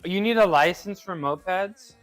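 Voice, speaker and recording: Man live-streaming a workout and reading chat, slightly high, easygoing and talkative, light music under him. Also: normal speed, fairly bright tone. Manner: chatty, laughs easily, restarts phrases. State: working out.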